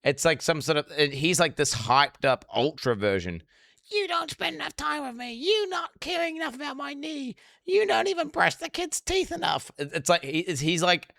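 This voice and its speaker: A man's voice: medium pitch, pushed and bright, dry recording, clean studio sound. A man streaming as he reacts to a video, talking bluntly and profanely in casual commentary.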